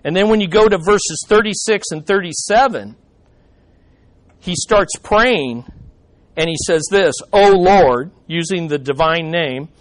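A man's voice: a little high, unhurried, poor audio. A man preaching a sermon, teaching through a Bible passage in an emphatic, conversational way.

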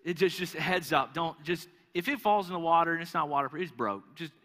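Animated young preacher in a reverberant hall. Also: male voice, fairly high pitch, fast talker. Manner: animated storytelling, repeats words when starting a thought. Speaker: pastor. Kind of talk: sermon. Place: church hall. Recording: long reverb of a large hall.

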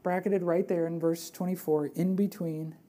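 A woman preaching a sermon in a lively, conversational way, asking rhetorical questions and dropping to a hushed, earnest voice for emphasis. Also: fairly low pitch, moderate pace.

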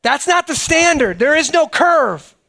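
A middle-aged pastor preaching a sermon in a conversational way, often checking in with the congregation. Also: male voice, very high voice, very animated, measured pace, bright, forceful tone. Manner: conversational preaching, frequent "right?" asides.

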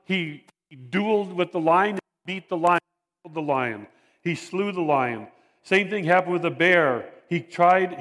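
Male pastor, sermon delivery, emphatic and repetitive, slightly high pitch, long hall reverb. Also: a bit bright. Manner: measured, emphatic preaching with repetition.

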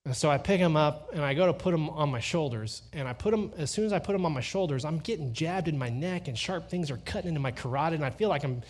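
A middle-aged pastor with a slightly high voice delivers a sermon built around a family story. He brings the quoted dialogue to life and slows down to stress the key lines.

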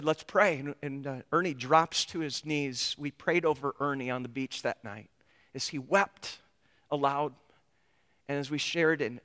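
A man from the United States preaching as a pastor, telling a story in a lively, animated way. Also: mid-range voice, long reverb tail. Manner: animated storyteller who acts out the dialogue he retells. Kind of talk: storytelling sermon.

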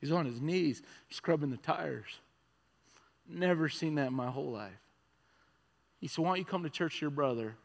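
A man preaching a sermon as a conversational story, swinging from excited and loud to hushed and quiet. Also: on the high side, normal speed, vocal fry, pauses often. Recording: long reverb of a large hall.

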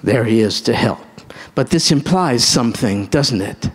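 A man preaching a live sermon to a congregation, emphatic, asking them direct questions and breaking into sudden high exclamations. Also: animated, measured pace, slightly rough. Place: church hall with a congregation. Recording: reverberant hall sound.

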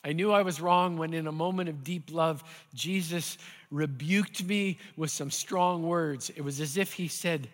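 A man preaching a sermon as pastor, earnest and building at times to animated intensity, in a church sanctuary. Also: on the high side, unhurried. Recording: hall reverb.

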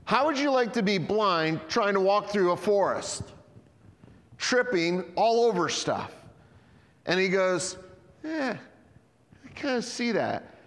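A man preaching a sermon with animated storytelling, acting out the people in the passage and chuckling as he goes. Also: high voice, unhurried, big-room sound. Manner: lively storytelling, acts out voices, chuckles. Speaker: pastor.

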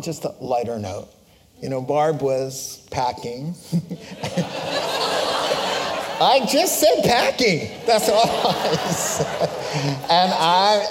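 A middle-aged male pastor preaching a sermon, telling a personal story in an animated way and acting out voices before turning to solemn preaching. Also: a little high, noisy background.

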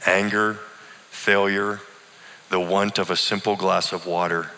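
A middle-aged man, a pastor, telling a personal story in an earnest, deliberate and emotional way, like a sermon. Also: deep voice, little pitch movement, bright, forceful tone. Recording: long hall reverb.

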